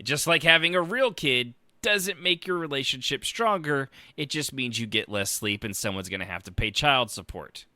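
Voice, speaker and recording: A man's voice: mid-range voice, animated, normal speed, few pauses, sharp tone, no echo, clean studio sound. A man hosting a podcast, talking in a blunt, joking, profane way. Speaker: podcast host. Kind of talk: casual podcast chat.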